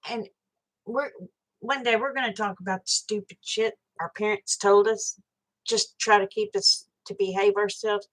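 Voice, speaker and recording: On her live stream, a woman speaks in a steady, medium-pitched tone at a moderate pace, though the audio is poor. She tells a story candidly and chattily, swearing casually and talking right to her viewers.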